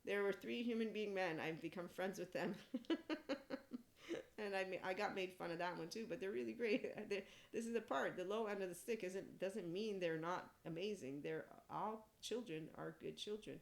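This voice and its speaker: A woman's voice: medium pitch, moderate pace, creaky. A woman hosting a podcast, talking in a rambling, casual spiritual monologue, laughing often and speaking bluntly with some profanity. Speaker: podcast host.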